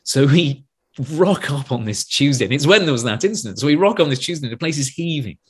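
Husky English man telling stories. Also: a little high, animated, fast. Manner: rambling storyteller with frequent self-corrections and laughs. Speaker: podcast guest. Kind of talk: casual anecdote telling.

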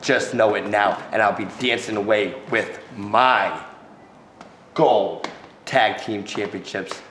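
Boastful low-voiced wrestler. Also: male voice, steady tone, slow pace, a bit bright, a little hiss or hum. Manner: boastful, regal. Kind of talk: wrestling promo. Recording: echoey room.

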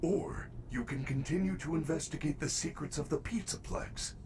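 An actor voicing a gentle male robot bear animatronic in a video game, speaking calmly and softly with a gravelly voice. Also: a little high, normal speed, noisy background, lightly acted. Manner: calm, soft-spoken advice.

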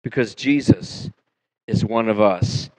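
A male pastor preaching a sermon in a church, acting out quotes and swinging between loud and soft. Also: on the low side, slow, rough recording. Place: church sanctuary.

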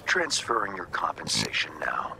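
An actor playing a calm middle-aged government handler in a video game, speaking slowly and with understatement. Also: male voice, sits low, gravelly, slight background noise, exaggerated voice. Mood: measured. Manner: slow, measured, understated. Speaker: game character.

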